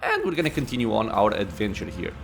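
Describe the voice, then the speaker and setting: A man's voice: on the low side, big pitch swings, fast, creaky, slight background noise. A man giving casual gameplay commentary as a let's play host, thinking aloud with many "uh"s and laughing at himself.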